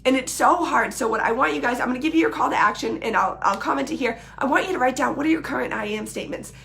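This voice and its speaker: A woman's voice: sits high, fast, creaky, fairly bright tone, slight background noise. A woman, talking casually and earnestly to her followers on a live video, repeating phrases for emphasis.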